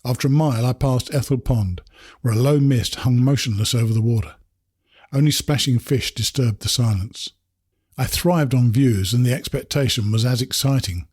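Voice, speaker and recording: An English man reading his own hiking memoir aloud in a measured, reflective way. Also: mid-range voice, a little mellow, breathy edge, no room sound, clean studio sound. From England. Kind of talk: first-person memoir narration.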